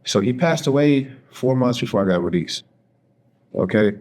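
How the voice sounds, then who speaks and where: A man's voice: mid-range voice, expressive, normal speed, a little mellow. A man from Texas, a podcast guest, candidly telling an emotional personal story and acting out the voices of people he quotes.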